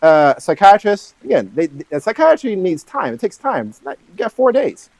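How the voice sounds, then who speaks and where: A man's voice: high voice, normal speed, creaky, rough recording. A man talking casually on his own about a horror film, rambling and often checking in with "right?". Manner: animated, swings between eager and hushed. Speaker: channel host.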